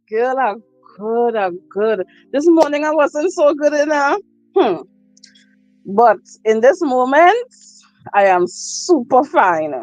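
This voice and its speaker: Woman livestream host, slow, higher voice, casual, dry phone sound, faint music behind. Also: a little mellow, dry recording, poor audio. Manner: slow, repetitive, laughs often. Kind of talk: casual live chat.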